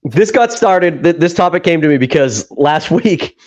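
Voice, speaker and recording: A man's voice: fairly high pitch, lively intonation, moderate pace, a little mellow. A man co-hosting a casual podcast chat. He laughs a lot, swears freely and acts out movie scenes as he retells them. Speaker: podcast co-host.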